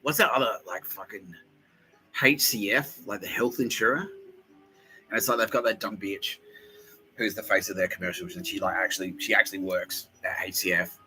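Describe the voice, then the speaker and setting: A man's voice: low voice, steady tone, normal speed, bright, forceful tone, faint music behind, low-quality recording. A man hosting a podcast, ranting in a rambling comedic monologue, sweary and sarcastic. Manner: sweary, sarcastic, mocking voices of others. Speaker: podcast host.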